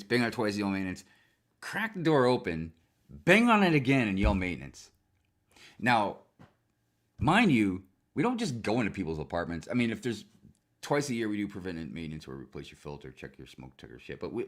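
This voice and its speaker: A man ranting in a casual stream monologue, swearing a lot and telling work stories with animated, heated delivery. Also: low voice. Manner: profane, animated storytelling with frequent swearing and fillers.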